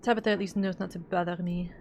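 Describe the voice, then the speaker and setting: A woman's voice: on the low side, steady tone, fast, natural voice. Woman voicing a disdainful French-accented house cat, condescending and sneering, noisy track. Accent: put-on French. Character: snooty haughty female house cat.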